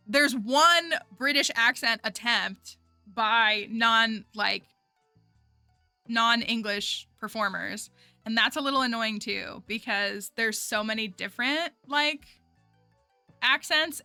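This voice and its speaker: A woman's voice: fairly high pitch, slow pace, gravelly, sharp tone, smooth, no echo. A woman streaming a game and chatting casually, rambling with lots of "like" fillers. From United States. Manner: rambling, heavy use of "like" fillers. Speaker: gaming streamer. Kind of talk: casual chat while playing a game. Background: game music.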